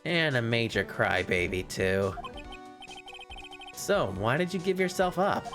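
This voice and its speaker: A man's voice: medium pitch, very animated, measured pace, over music, pitched below the performer's own voice. A man reading a skeptical young male lawyer aloud with a dry, wry manner, for a game playthrough.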